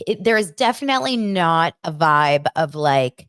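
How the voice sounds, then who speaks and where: A woman hosting a podcast, chatting in a gossipy, animated way as she recaps a reality show. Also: deep voice, moderate pace, clear, resonant tone, no echo, studio quality. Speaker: podcast host.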